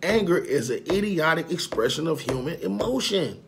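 A man vlogging to his followers in a casual monologue, emphatic and profane, repeating his points and swinging from quiet confessions to loud outbursts. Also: a little high, expressive, moderate pace, vocal fry, slight background noise.

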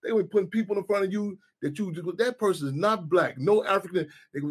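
A man's voice: high voice, quick pace, few pauses, husky. A middle-aged man hosting a talk radio show, rambling and repeating himself, often asking "you know what I'm saying". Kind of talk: casual talk radio discussion.

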